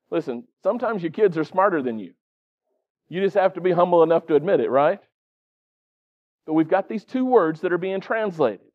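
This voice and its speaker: Man, middle-aged, preacher, sermon, conversational, quizzes the congregation, high voice, muffled lo-fi sound.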